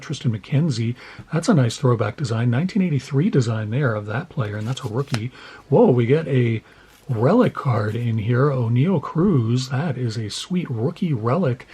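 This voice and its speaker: A man with a mellow, soft-edged voice talks through a stack of trading cards. He sounds easygoing and admiring, and his delivery is unhurried. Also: medium pitch, slight background noise. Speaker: channel host. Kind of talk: casual card-opening commentary.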